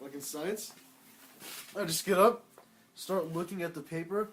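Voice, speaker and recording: A man's voice: fairly high pitch, normal speed, pauses often, slight background noise. A young man co-hosting a casual chat, rambling through school stories full of swearing and acted-out quotes. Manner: rambling storyteller, swears a lot, acts out quoted voices. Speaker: podcast co-host. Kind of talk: casual chat among friends.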